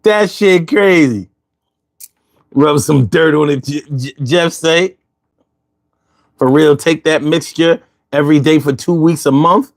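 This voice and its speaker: A man hosting a casual podcast stream, reading chat comments aloud and riffing in a profane, animated way. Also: a little high, takes it slowly, long pauses. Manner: profane, animated, riffs into rhymes.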